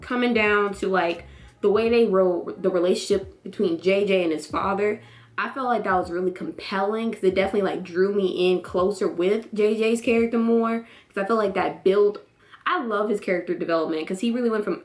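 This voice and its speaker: Young woman ranting about a show to camera, slangy, voice shoots way up for quotes, faint music behind. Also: moderate pace. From North Carolina, US. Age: young adult. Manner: animated, slangy, acts out quotes with big pitch jumps. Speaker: vlogger. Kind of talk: casual show review to camera.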